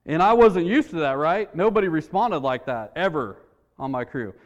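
A man's voice: on the high side, animated, normal speed, in a large hall. A man preaching a sermon in a church, in an earnest, conversational way, repeating his words as he tells a story.

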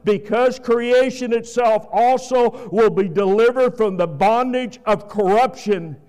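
A man preaching a sermon, reading scripture and swinging between emphatic outbursts and quiet asides. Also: sits high.

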